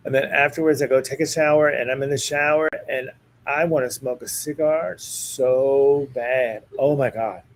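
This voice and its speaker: A man's voice: mid-range voice, normal speed, poor audio. A man, a psychic medium, telling a story in casual chat and acting out the lines of the people in it. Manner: animated storyteller who acts out quoted dialogue.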